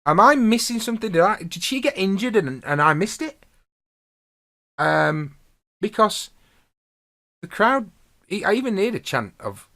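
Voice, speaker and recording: A man's voice: high voice, animated, unhurried, pauses often, bright, forceful tone. Chatty man reviewing wrestling. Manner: chatty, rambling, laughs while retelling. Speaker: podcast host. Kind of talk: casual wrestling review monologue.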